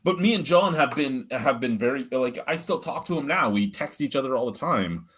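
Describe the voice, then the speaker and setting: A man's voice: mid-range voice, lively intonation, moderate pace, fairly bright tone, breathy edge. Blunt, profane man telling stories. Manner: blunt, profane, rambling storyteller. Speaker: host of a beer review show. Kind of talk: casual storytelling chat.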